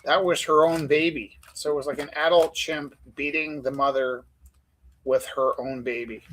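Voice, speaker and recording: A man's voice: a little high, fairly even intonation, normal speed, fairly bright tone, slight background noise, poor audio. A man hosting a live art stream, chatting casually and telling rambling stories full of fillers while he draws. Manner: rambling storyteller, many fillers. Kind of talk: casual chat while drawing.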